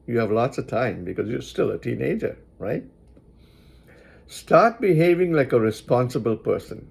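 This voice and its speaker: A man giving moral advice in a reflective spoken monologue, deliberately repeating lines for emphasis. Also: mid-range voice, lively intonation, vocal fry, a little mellow, breathy edge.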